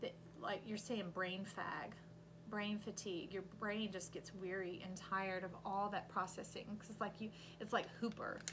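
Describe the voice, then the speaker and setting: A woman at an ordinary middle pitch talks through a tarot spread like a coach, urging the listener on. Now and then she breaks into loud, emphatic bursts. A faint hum sits under the recording. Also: moderate pace. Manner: animated, coaching, voices the cards with sudden loud outbursts. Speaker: intuitive tarot reader. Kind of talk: tarot reading monologue.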